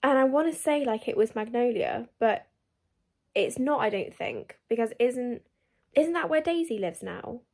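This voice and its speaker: A young woman, gushing excitedly and emotionally about the book she's reading in a casual vlog, recorded outdoors. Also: on the high side, a little slow, vocal fry. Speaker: book vlogger. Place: outdoors at sunset.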